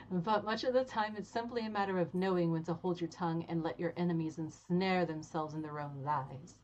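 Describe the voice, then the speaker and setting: A woman's voice: on the low side, darkish tone, a little hiss or hum, close to an everyday voice. A woman voicing a worldly, flirtatious noblewoman spy, reading game dialogue in a knowing way. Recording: slightly dull audio with game music.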